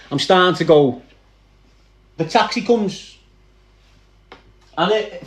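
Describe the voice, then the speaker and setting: A man with a Liverpool accent recounting his past in dramatic first-person storytelling, animated and speaking straight to his listeners. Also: fairly high pitch, echoey room. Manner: animated, addresses listeners directly.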